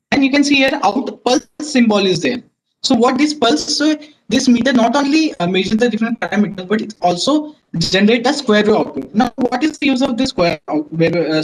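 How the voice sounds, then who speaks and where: A man's voice: sits high, slight background noise, rough recording. A man presenting a technical webinar, explaining test instruments step by step with frequent fillers and restarts.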